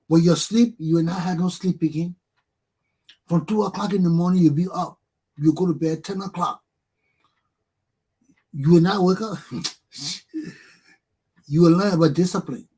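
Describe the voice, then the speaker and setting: A man hosting a political talk show, speaking forcefully with lots of repetition. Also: high-pitched, slightly rough.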